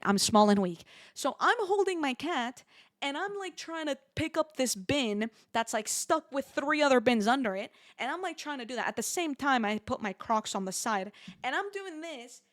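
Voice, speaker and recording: A young woman tells a long story in a casual stream, animated and rambling with lots of fillers. Her voice sits in a middle register. The sound is dry and close, with no room around it. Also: medium pitch, no room sound.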